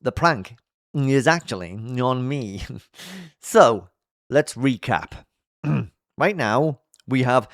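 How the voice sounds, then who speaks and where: A man's voice: mid-range voice, slow, pauses often. A man riffing his way through a cartoon recap, bouncy sing-song delivery that swoops up and down and makes fun of himself as he goes. he's close to the mic in a dead, dry room with no echo at all. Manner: jokey, animated, self-mocking. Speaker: video commentator. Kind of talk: playful commentary.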